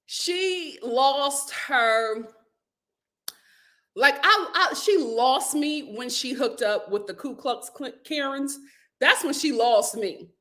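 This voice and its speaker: Bright-voiced animated woman vlogger. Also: high-pitched, slow. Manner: animated, opinionated, laughs often. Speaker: reality TV recap host. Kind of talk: casual commentary vlog.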